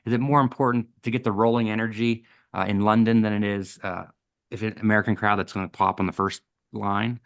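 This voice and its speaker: A man co-hosting a podcast asks a quick question. His voice is lowish and he speaks fast. The audio sounds dull and lo-fi. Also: steady tone, fairly bright tone. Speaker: podcast co-host. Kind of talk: casual podcast conversation.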